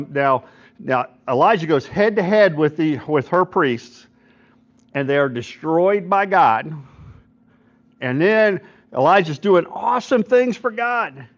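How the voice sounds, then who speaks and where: In a church hall during a men's breakfast, a middle-aged pastor delivers a casual devotional, his voice pitched a little high. He frequently checks in with the men and acts out stories with quoted voices, captured on a dull lo-fi recording.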